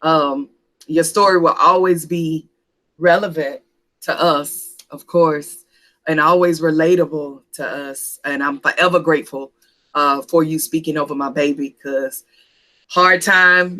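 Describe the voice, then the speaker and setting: A woman's voice: sits low, steady tone, unhurried, a bit bright. A woman hosting a church panel talk, playful and coaxing as she calls out to the audience.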